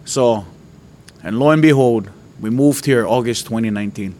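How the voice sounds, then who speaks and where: A man from Hawaii, a preacher giving his testimony, who tells his story with lively jumps in voice and frequent laughter. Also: moderate pace, a little hiss or hum. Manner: animated storytelling, voice jumps high and loud when retelling his outbursts; laughs often. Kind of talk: testimony to an audience.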